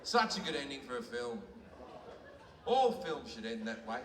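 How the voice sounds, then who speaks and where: A man's voice: mid-range voice, big pitch swings, moderate pace. A man with an Australian accent doing a crude, heavily profane stand-up comedy set in a large theatre. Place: large theatre with live audience. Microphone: bootleg recorded from the audience. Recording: echoey hall bootleg from far off, loud room noise.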